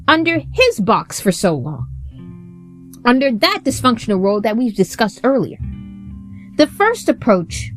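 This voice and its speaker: Woman host, casual commentary, profane and heated, animated delivery, faint guitar music behind. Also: sits high.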